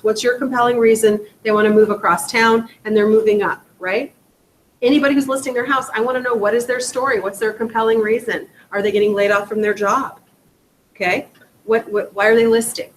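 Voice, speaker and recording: A woman teaching a rookie real estate class, lively, acting out conversations with buyers and sellers and quizzing her students. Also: a little high, slight background noise, poor audio. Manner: animated, acts out client dialogue, asks the room questions. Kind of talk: classroom training talk. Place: training room.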